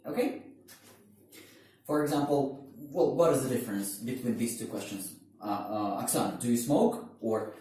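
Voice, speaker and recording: Animated male teacher in an echoey room. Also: medium pitch, moderate pace. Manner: animated, emphatic questions to students. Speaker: English teacher. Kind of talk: classroom grammar lesson. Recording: echoey room, far from mic.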